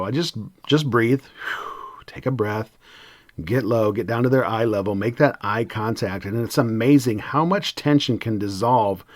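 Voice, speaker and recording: A man hosting an educator's podcast, talking in a calm, steady, conversational way with frequent ums. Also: medium pitch, no echo, clean studio sound. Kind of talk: reflective podcast monologue.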